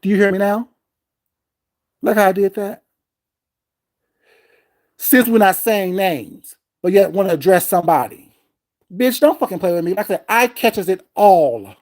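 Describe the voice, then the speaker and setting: A man's voice: sits high, a little slow, long pauses, a little mellow. Male vlogger, angry confrontational rant, heavy swearing, recorded at home. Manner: heated, profane, confrontational. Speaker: vlogger host. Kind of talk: ranting vlog commentary.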